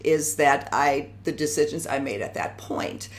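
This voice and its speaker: A woman's voice: deep voice, unhurried. A woman over fifty hosting a show, talking about her own past in a hesitant, reflective way. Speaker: show host and founder. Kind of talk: casual personal talk.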